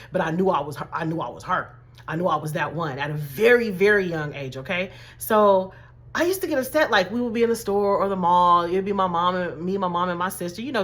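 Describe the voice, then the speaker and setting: A woman life coach giving a chatty, animated motivational talk to camera, calling her viewers y'all and baby. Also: on the low side.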